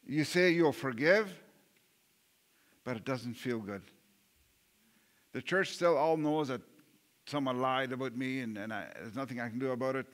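A man's voice: medium pitch, normal speed, pauses often. A male pastor preaching a sermon in an earnest way, often repeating words and restarting, and putting rhetorical questions to the congregation.

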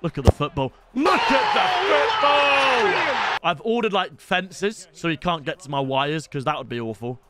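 A man's voice: on the high side, brisk, few pauses, loud music behind the voice. A young man, commentating casually on his own gameplay during a live stream and calling out to his viewers. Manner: excitable, shouts at goals, addresses viewers as lads. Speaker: gaming streamer.

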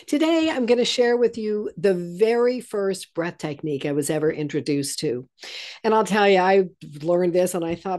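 A woman coach giving a chatty breathing lesson, turning soft and low when she guides the breaths. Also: animated, moderate pace. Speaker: stress-relief coach.

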